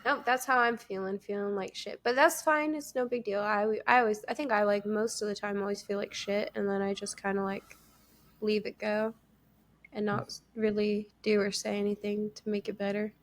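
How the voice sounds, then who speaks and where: A young adult woman co-hosting a podcast and chatting candidly, telling animated stories with bursts of laughter. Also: mid-range voice, normal speed. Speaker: podcast co-host and streamer. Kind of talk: casual podcast chat.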